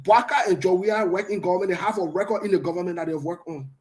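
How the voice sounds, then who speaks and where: Defiant high-voiced radio host. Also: male voice, quick pace, darkish tone, low-quality recording. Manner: defiant and passionate, repeats points for emphasis. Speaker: radio talk show host. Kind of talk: opinionated radio commentary.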